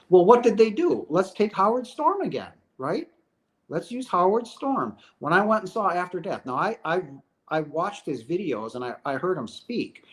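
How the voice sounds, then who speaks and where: Earnest man with a high voice, preaching. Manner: earnest, emphatic, keeps asking "right?". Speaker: host answering viewer questions. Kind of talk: casual spiritual talk.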